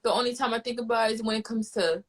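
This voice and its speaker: A woman's voice: fairly high pitch, fairly even intonation, rapid-fire. A woman host in casual chat, ranting in a profane, fired-up way.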